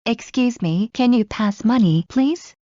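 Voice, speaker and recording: A woman reading everyday English phrases aloud one by one, in a measured drill with a pause after each phrase. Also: fairly high pitch, lively intonation, warm tone, dry recording. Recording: dull lo-fi dry recording.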